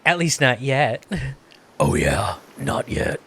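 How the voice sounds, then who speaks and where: A man's voice: medium pitch, very animated, takes it slowly, gravelly, pauses often, a bit bright, husky. A man playing a dating sim as a gaming creator, reading the text aloud with playful, theatrical commentary. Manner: playful, theatrical, laughs often. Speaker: gaming YouTuber.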